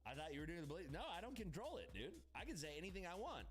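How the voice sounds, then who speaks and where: A man's voice: fairly high pitch, sing-song, rapid-fire, faint music behind. A young man livestreaming his trading, talking casually and crudely with hyped asides to his chat.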